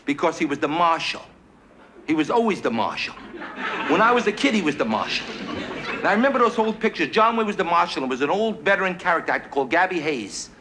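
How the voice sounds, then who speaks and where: A man's voice: on the high side, big pitch swings, quick pace, background noise. A middle-aged male stand-up comedian telling jokes on a TV studio stage with brash, wisecracking punchline delivery. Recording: 1970s live TV broadcast with a roaring audience. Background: audience laughter.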